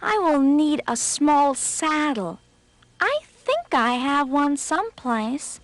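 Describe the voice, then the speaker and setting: A woman's voice: sits high, very animated, takes it slowly, no room sound, pitched above the performer's own voice, full character voice. A woman voicing a tricky, boastful male rabbit in a storybook game.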